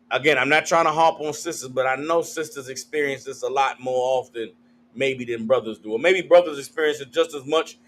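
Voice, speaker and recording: A man's voice: medium pitch, a bit bright. A man giving street-style Bible teaching, slangy and casual, calling for answers from the room. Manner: call-and-response with the room, slangy, acts out quotes.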